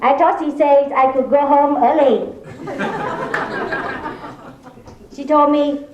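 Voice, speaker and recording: A woman from Vietnam with a Vietnamese accent, doing stand-up and landing punchlines slowly and deliberately. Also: high-pitched, crowd noise. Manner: slow, deliberate delivery of punchlines. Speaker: stand-up comedian. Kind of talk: stand-up comedy. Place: comedy club stage. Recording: echoey lo-fi club recording.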